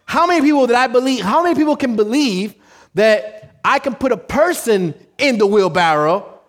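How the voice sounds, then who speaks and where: A man voicing a showy tightrope performer who loudly announces his next daring stunt. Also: very high voice, lively intonation, measured pace, voice pushed up. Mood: hyped.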